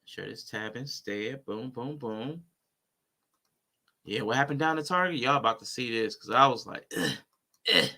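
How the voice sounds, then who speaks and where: Joking, animated man hosting a livestream. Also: medium pitch, normal speed. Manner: animated, joking, talks straight to the chat. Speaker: livestream co-host. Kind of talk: casual livestream chat.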